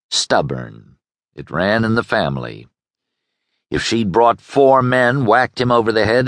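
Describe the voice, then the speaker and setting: Man, audiobook narrator, low voice, lively delivery, dry studio sound. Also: dry recording. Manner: expressive storytelling. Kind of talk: scripted narration.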